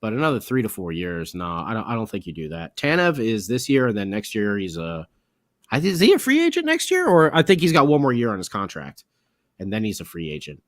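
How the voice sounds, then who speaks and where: A man co-hosting a late-night sports podcast, chatting casually in an animated, joking, rambling way. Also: lowish voice, a little fast, no room sound, studio quality. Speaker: podcast co-host.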